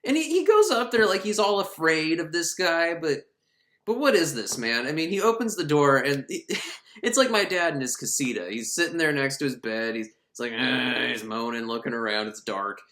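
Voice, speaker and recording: A man giving a casual, irreverent recap of an animated film, rambling and laughing as he goes. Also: fairly high pitch, moderate pace. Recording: roomy echo.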